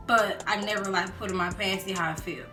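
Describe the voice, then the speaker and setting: A young woman chatting casually in a storytime vlog, acting out quotes in lively voices. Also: medium pitch, fairly quick. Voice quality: animated, acts out quotes in voices. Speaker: vlogger. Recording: roomy echo with background music.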